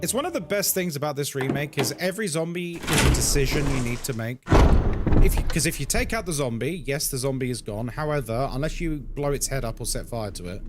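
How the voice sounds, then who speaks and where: Playing a horror game on stream, this man chats casually and calls out viewers by name in between comments on his play. He sounds animated and fairly quick, with a mid-range voice, and background noise is clearly audible.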